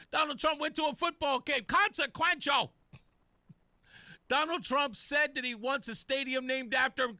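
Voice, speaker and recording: A man's voice: extremely high pitch, moderate pace, bright, forceful tone, dry recording. A man hosting political talk radio, delivering sarcastic, mocking commentary. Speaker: radio talk show host.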